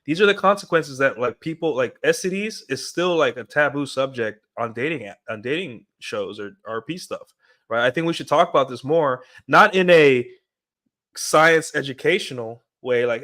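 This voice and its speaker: Brief: young male streamer, mid-pitched, loose rambling monologue with lots of fillers, addressing viewers. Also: lively intonation, moderate pace, fairly bright tone. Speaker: streamer giving dating advice. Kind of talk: casual livestream monologue.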